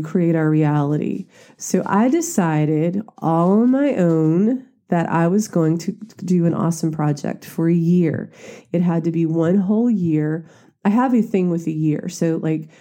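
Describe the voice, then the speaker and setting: Woman, coach, casual motivational chat, animated storyteller, very mellow tone. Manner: chatty, animated storytelling that jumps into high squeals when acting herself out. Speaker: coach and mentor.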